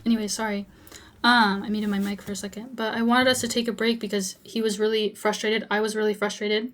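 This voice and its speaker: A woman's voice: medium pitch, flat delivery, brisk, a bit bright. A young woman hosting a live debate who talks over the other side with repeated short commands, then speaks frankly to her viewers. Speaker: host and debater.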